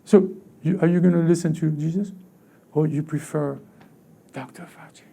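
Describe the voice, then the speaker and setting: A middle-aged man preaching a sermon as pastor, halting and repeating words, swinging from quiet stretches to loud bursts. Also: on the high side, steady tone, gravelly.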